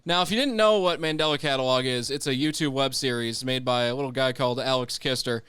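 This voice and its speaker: A man's voice: mid-range voice, quick pace, fairly bright tone, clean tone, no echo. A young man co-hosting a casual podcast, explaining folklore with fillers and restarts. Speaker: co-host.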